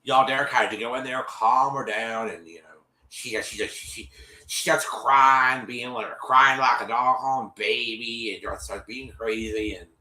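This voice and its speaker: Guy on a stream ranting through a recap, bright voice, lots of restarts, roomy echo. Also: mid-range voice, unhurried. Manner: animated, exasperated retelling with many restarts. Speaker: show host recapping an episode. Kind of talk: casual storytelling recap. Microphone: streaming setup. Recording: echoey room.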